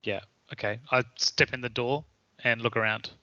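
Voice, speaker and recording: A man's voice: mid-range voice, fairly even intonation, moderate pace, pushed and bright, dry recording, muffled recording. A man chatting casually as a player in a tabletop game, easygoing.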